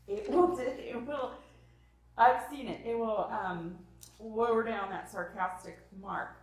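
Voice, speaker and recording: A woman with a somewhat high voice runs a lively parenting workshop, acting out little scenes between parents and children and sometimes sinking into a whisper. She sounds far from the mic, and the hall around her rings with heavy echo. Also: unhurried. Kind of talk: lively parenting talk to a live group.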